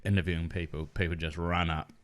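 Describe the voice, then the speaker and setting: A man's voice: low-pitched, fast talker. A man with a New Zealand accent, a comedian guest in a podcast studio, chatting casually and acting out the people in his stories. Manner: animated storytelling, swearing, acting out quoted people. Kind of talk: casual chat.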